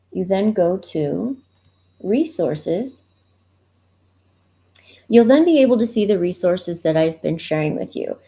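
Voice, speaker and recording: A woman coach with a soft, mellow, darker voice speaks gently over a live stream. She is reassuring and keeps asking her viewers questions as she walks them through her resources. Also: lowish voice. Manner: gentle, reassuring, often asks the listener questions. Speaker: grief and relationship coach. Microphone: computer mic, browser livestream.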